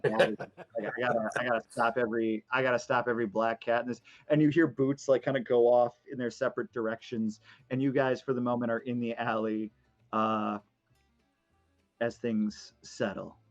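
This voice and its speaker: A man's voice: mid-range voice, level tone, moderate pace, muffled recording, soft background music. A man narrating as dungeon master, rambling with lots of fillers. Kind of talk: narrating a tabletop game.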